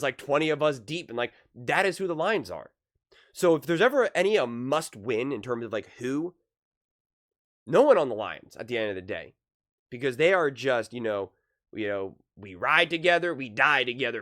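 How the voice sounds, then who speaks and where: A man in a casual sports opinion monologue, animated, repeating himself and firing off rhetorical questions. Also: mid-range voice. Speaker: sports commentator.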